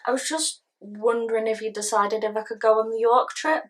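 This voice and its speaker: A woman's voice: on the high side, brisk, close to an everyday voice. A woman with a British accent playing a defiant teenage schoolgirl who pleads and rants in a cheeky, sulky way. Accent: British English. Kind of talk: scene acting.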